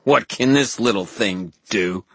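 A man's voice: high voice, big pitch swings, drawn-out words, a bit bright, slightly rough, no room sound, pitched above the performer's own voice, full character voice. A man reading aloud, voicing a cruel, mad fairy queen in a raised, strained voice. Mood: taunting.

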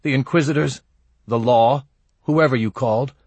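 A man's voice: mid-range voice, moderate pace, darkish tone, slightly rough, no room sound, pitched above the performer's own voice. A man voicing a miserable, hungover innkeeper who whines and groans. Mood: whining. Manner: whining, groaning.

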